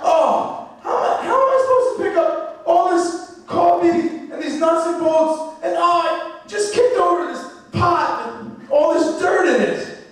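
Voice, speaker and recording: Comic bit: a frantic, high-voiced nagging inventor, heard distant in an echoey room. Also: male voice. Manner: high-pitched, exasperated, nagging. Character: frazzled whiny man, the vacuum cleaner's inventor.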